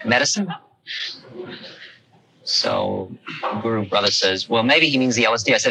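An older man telling a personal story to an audience, animated and acting out the lines he quotes. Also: mid-range voice, fairly quick, long pauses, slight background noise, low-quality recording. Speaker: speaker recounting a personal story. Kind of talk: storytelling talk.

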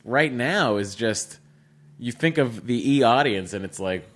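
Co-host, dry teasing humor, lively voice. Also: medium pitch, a little slow, a little hiss or hum. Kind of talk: casual chat.

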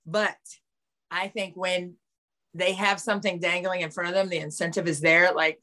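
A woman basketball analyst co-hosting a podcast in casual chat, her voice raspy today. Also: on the low side, little pitch movement, moderate pace, sharp tone.

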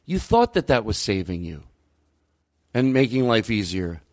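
A man hosting a podcast, ranting, swearing and jumping his pitch for emphasis. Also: big pitch swings, measured pace, darkish tone. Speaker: podcast host. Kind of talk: heated podcast rant.

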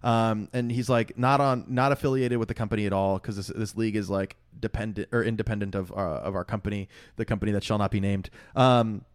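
A man co-hosting a casual sports podcast, rambling through an animated story with lots of fillers and laughs. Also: on the low side, a little fast, few pauses, clear, resonant tone, no echo, clean studio sound. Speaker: podcast co-host.

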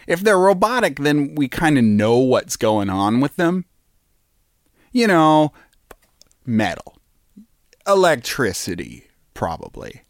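A man hosting a solo show in a playful, meandering way, stopping and restarting often. His pitch swings widely, but he takes his time. The sound is dry and close. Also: dry recording. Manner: playful, rambling, lots of fillers and restarts. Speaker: podcast host. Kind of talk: casual solo rambling.

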